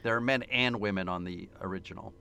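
A man's voice: low voice, quick pace, vocal fry, bright, forceful tone, clean tone. A man co-hosting a casual movie podcast, teasing his co-host and dropping film trivia.

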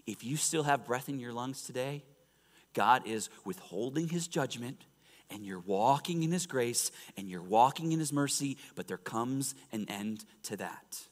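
A male pastor preaching a sermon, swinging from loud exclamations to hushed, almost whispered lines. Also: medium pitch, animated, a little slow. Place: church sanctuary. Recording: reverberant church sanctuary.

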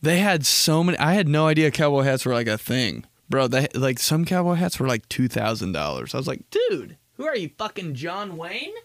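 A man's voice: medium pitch, very animated, fairly quick, few pauses, dry recording. Profane rambling young man, dry close mic. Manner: rambling, profane storytelling with impressions. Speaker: podcast host. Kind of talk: casual solo comedy podcast.

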